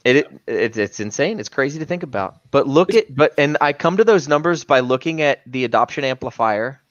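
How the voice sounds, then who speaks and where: A man's voice: mid-range voice, expressive, fairly quick, dry recording, dull audio. A man co-hosting a casual crypto livestream, talking emphatically and saying "man" often. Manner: emphatic, says "man" a lot.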